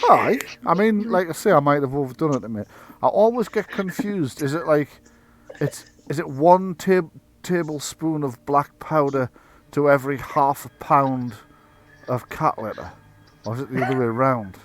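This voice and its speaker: A man's voice: a little high, fairly bright tone. Give me a man playing a sly, rambling old Geordie rogue. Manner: folksy, rambling excuses. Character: gruff older man, sly, pipe-chewing.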